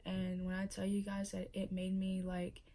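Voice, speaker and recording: A woman's voice: mid-range voice, completely flat delivery, moderate pace, dark tone. A young pregnant woman chatting casually in a vlog, emotional and full of fillers. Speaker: vlogger.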